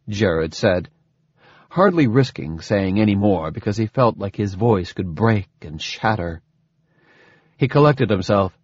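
Guy reading a sci-fi audiobook, husky, lively pitch, dry slightly muffled sound. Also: takes it slowly, no room sound. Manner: steady storytelling with lively pitch. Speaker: audiobook narrator. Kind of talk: scripted narration.

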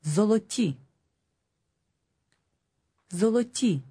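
Woman, slow, mellow and husky voice, careful model pronunciation, language lesson. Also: mid-range voice, animated. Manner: careful, deliberate enunciation. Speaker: native-speaker model in a language course.

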